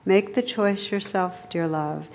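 A woman's voice: mid-range voice, a little mellow, big-room sound, slight background noise. A woman reading the part of an earnest, devoted young male knight. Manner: earnest, halting at moments.

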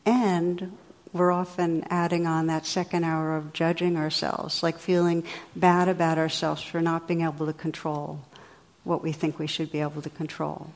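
A woman meditation teacher giving a dharma talk to a class, gentle and reflective, guiding listeners in quiet reflection. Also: low-pitched, flat delivery, normal speed, big-room sound.

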